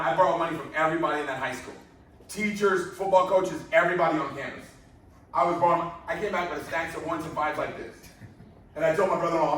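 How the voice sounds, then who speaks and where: Fast-talking man pitching a business. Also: slight background noise. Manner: rhetorical questions, animated storytelling. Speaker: business presenter. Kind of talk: motivational sales presentation. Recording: echoey room from far off.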